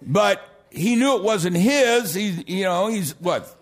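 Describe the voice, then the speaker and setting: A middle-aged American pastor preaching in a notably high voice. He tells his stories with animation and breaks into shouts to drive a point home. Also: slow. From United States. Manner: animated storytelling, bursts into shouts for emphasis. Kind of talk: sermon.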